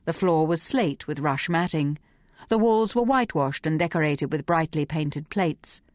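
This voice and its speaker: A woman narrating an audiobook in a measured, even reading voice. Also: sits low, no echo, clean studio sound. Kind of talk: scripted narration.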